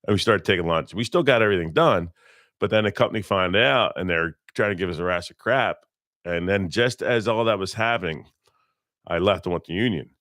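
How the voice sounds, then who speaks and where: A middle-aged man speaks in a low, deep voice in a casual interview. His stories come out blunt and rambling, and he keeps correcting himself mid-thought. The recording is close and dry, with no room sound. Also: brisk, a bit bright, dry recording. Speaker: interview guest, electrician. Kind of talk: casual storytelling.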